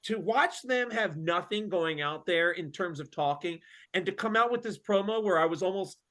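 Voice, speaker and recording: Male wrestler guest with a high voice, loose storyteller, heavy on slang. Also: normal speed. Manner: animated, full of fillers and slang. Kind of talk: casual storytelling.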